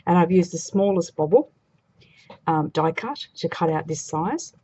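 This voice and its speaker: A woman's voice: on the low side, expressive, measured pace, a little mellow, slightly rough, lo-fi sound. A woman demonstrating a craft project in a chatty, casual way, thinking aloud as she works. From Australia.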